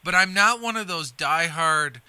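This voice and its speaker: A man's voice: on the high side, unhurried, bright, forceful tone, clear, resonant tone, no room sound. A man from Illinois hosting a comedy podcast, chatting casually and laughing often. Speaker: host.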